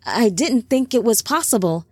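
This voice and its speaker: A woman's voice: a little high, expressive, normal speed, a little mellow, dry recording, faint music behind. A woman voicing an earnest young man who grows urgent and full of questions. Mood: alarmed. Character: earnest young human man, quick to alarm.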